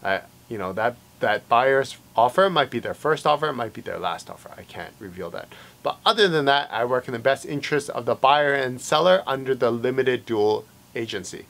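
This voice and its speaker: A man's voice: mid-range voice, animated, normal speed, vocal fry, fairly bright tone. A man working as a realtor, explaining agency rules in a casual, conversational way, full of fillers and acted-out client exchanges. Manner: conversational, many fillers, acts out client dialogue. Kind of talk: casual explainer talk to camera.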